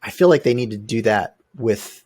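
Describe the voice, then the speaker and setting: A thoughtful man co-hosting a fan podcast who builds his ideas step by step. His voice sits at a medium pitch, and the recording is dry and close. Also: expressive, moderate pace, a little mellow, no room sound. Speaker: podcast co-host. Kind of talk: casual chat.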